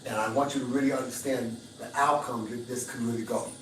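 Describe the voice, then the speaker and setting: Man doing a gentle pleading wife, hushed and coaxing, low and quiet, roomy distant sound. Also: fairly even intonation, fast talker, background noise, close to an everyday voice. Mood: pleading calm. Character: soft-spoken woman pleading with angry partner.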